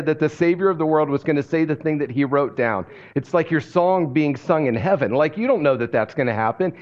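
A man preaching a sermon, speaking slowly and quietly, often dropping his voice low on key phrases. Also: muffled recording. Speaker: pastor.

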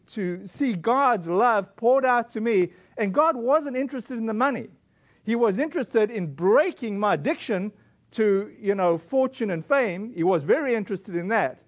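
A man from South Africa tells his story from the pulpit in an earnest sermon voice. His voice sits high, and he often restarts his sentences as he speaks. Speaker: pastor. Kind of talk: sermon testimony.

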